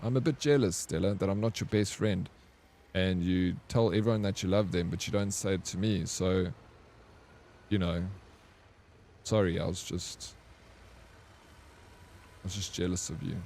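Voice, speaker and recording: Low-voiced man bantering with stream chat. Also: fairly even intonation, moderate pace, vocal fry, long pauses, a little mellow, slight background noise. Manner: playful, teasing banter. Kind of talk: livestream chat with viewers.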